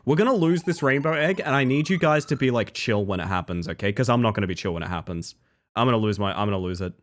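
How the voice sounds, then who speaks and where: A young man chatting casually with his livestream audience, swinging between nervous mumbling and excited high outbursts. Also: fast. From Western Australia.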